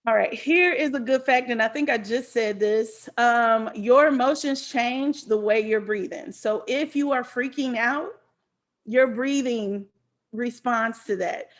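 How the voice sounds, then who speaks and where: Woman, conference speaker, bright higher voice, conversational motivational delivery. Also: unhurried. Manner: casual, conversational, acts out anxious voices. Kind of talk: motivational talk.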